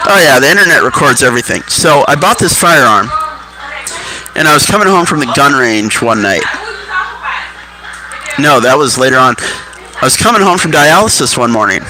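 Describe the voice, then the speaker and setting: A man's voice: mid-range voice, lively intonation, moderate pace, long pauses, music in the background, low-quality recording. Rambling thirties man telling stories. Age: 30s. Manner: digressive, loses his thread mid-story. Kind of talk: rambling personal storytelling.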